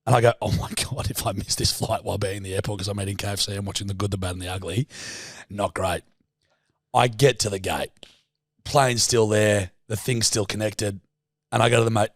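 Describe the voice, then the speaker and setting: Speaking briskly in a fairly low voice, this young Australian podcast co-host relates an anecdote loosely, cursing freely and quoting the dialogue with lots of animation. The sound is clean studio audio without echo.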